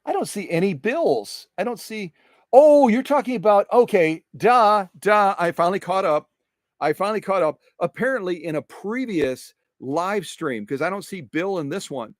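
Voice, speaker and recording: Middle-aged male workshop host, talkative and self-mocking, a touch high-pitched, dry recording. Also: animated, normal speed, a little mellow, no echo. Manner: chatty, repeats phrases, self-deprecating. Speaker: livestream host restoring sewing machines. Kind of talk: casual live-stream chat while working.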